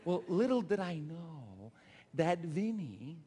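Animated pastor in a reverberant hall. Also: male voice, a little high, takes it slowly, breathy edge. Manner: animated storytelling with shouted quotes. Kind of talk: sermon with a personal story.

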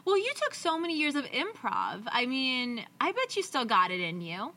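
A woman's voice: high-pitched, wildly swooping pitch, moderate pace, sharp tone. A young woman co-hosting a podcast, chatting casually and rambling with lots of fillers. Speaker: podcast co-host. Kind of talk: casual chat.

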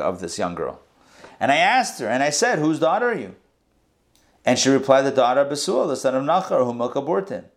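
A rabbi leads a Torah class in a mid-pitched male voice. He retells the scripture with lively storytelling and acts out the lines of the verses as he goes.

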